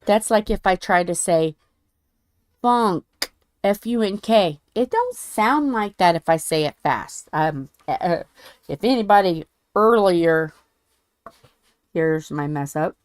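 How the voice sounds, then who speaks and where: A woman hosts a relaxed crafting stream, her voice a bit low and stuffy from a cold. She talks slowly and rambles, stumbling over the odd word. The sound is close and dry, with no room echo. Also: smooth. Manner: rambling and chatty, trips over some words. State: congested with a head cold. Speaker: diamond painting channel host. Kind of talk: casual livestream chat while crafting.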